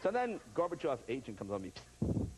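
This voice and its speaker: A man telling a comic story as a talk show guest, animated and laughing, with lots of voices and sound effects. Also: high-pitched, fast. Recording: noisy television studio audio.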